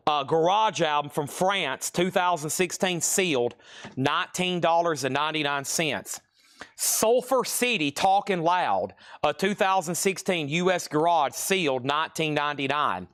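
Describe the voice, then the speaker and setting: Running a live vinyl sale from a record shop, a man rattles off titles and prices and reacts with exclamations to rare records. He speaks in a slightly high voice with a fairly bright tone.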